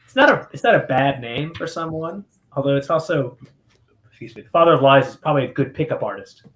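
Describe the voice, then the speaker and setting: A man's voice: on the high side, lively intonation, fairly quick, a bit bright. A man co-hosting a live podcast, joking with guests and steering the talk back to the book. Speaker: podcast co-host. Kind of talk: casual banter on a live podcast.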